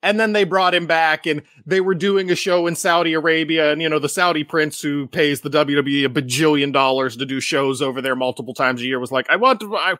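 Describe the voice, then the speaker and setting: A male podcast co-host with a bright, forceful tone and a slightly raised pitch, talking in animated, sarcastic rants. He sounds close on a dry mic. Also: fairly quick, hardly any pauses, no echo. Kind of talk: casual chat.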